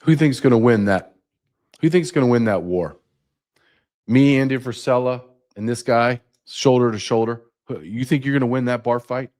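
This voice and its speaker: A middle-aged man hosting a podcast delivers an impassioned, angry monologue, profane and full of rhetorical questions. His voice is medium-pitched and darkish, at a normal speed.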